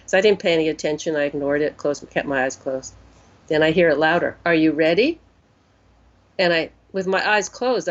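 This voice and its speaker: A low-voiced woman in her sixties, appearing as an interview guest, shares a personal story earnestly and without hurry, thinking aloud along the way. The recording is dull and lo-fi.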